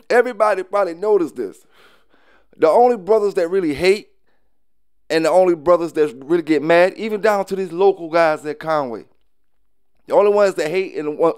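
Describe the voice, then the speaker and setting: A man's voice: a little high, darkish tone, clean tone, no echo, studio quality. A man, talking to camera casually and bluntly, repeating himself and asking if you know what he's saying. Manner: loose, repetitive, often asks "you know what I'm saying"; blunt and preachy, with short laughs. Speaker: dog kennel owner.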